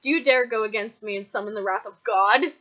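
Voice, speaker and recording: Woman voicing a squeaky bossy fairy, lo-fi sound. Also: fairly quick, fairly bright tone, natural voice. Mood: cheeky. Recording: dull lo-fi recording.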